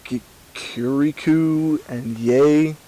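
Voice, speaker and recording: A man from Detroit joining a casual podcast chat, calm and brief. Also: a little high, extremely slow, low-quality recording. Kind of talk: casual chat among friends.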